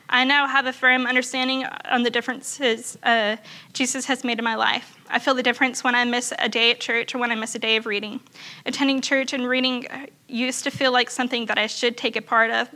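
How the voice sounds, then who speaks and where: A woman's voice: a little high, sharp tone. A woman earnestly reading aloud a written faith testimony to a church group. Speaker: church member sharing testimony.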